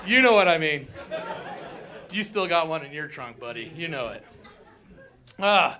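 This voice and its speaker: A man's voice: a little high, expressive, unhurried, crowd noise. A young man from Colorado doing a crude stand-up comedy set on a theater stage, ranting and mimicking whiny locals.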